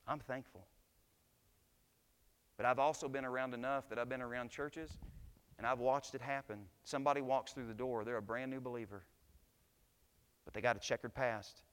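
A man preaching a sermon to his church, telling stories and building to loud, impassioned climaxes. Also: medium pitch, steady tone, normal speed, pauses often, clean tone, in a large hall. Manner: preaching, swells to shouts at climaxes. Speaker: pastor. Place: church sanctuary.

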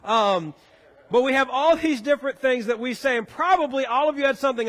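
A man's voice: very high voice, fairly quick, a bit bright. A man preaching a sermon as pastor in a church sanctuary, talking in a conversational, joking way. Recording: echoey hall.

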